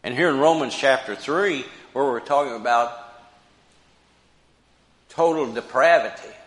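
An older man preaching in a slow, deliberate cadence, pausing and repeating phrases for emphasis. His voice rings out in a roomy space with a long trailing reverb. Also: mid-range voice. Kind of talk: sermon.

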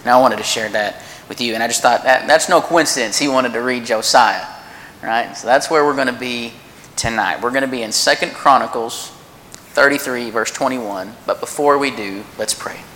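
A man in his thirties filling in as preacher, telling a personal story in an earnest, conversational way with frequent restarts and pauses. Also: pushed and bright. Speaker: preacher filling in at a church service. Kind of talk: informal sermon with a personal story. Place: church meeting room. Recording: distant voice in a reverberant church hall with faint background rumble.

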